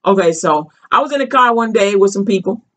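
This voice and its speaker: A woman's voice: medium pitch, expressive, fairly quick, fairly bright tone. Chatty woman telling a story. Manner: chatty, rambling, many fillers and restarts; colloquial, earnest. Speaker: vlogger. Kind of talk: casual storytelling commentary.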